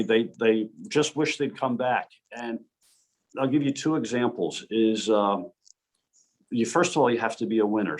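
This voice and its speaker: A man, a hockey referee as guest speaker, telling animated anecdotes with frequent restarts over a video call. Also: fairly low pitch. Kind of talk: storytelling presentation.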